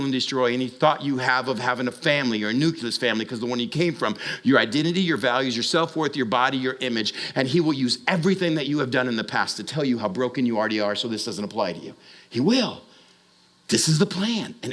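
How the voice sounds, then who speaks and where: A male preacher delivers a lively sermon, moving between dramatic storytelling and quick comic asides. He appeals directly and urgently to his young listeners. He sometimes leaps high in pitch to act out the voices in the story. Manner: acts out voices with sudden high jumps. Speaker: young adult ministry preacher.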